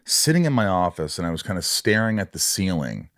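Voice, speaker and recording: Deep-voiced man telling animated stories. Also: brisk, dry recording, studio quality. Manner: animated, acts out quoted dialogue. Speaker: podcast host. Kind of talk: casual interview storytelling.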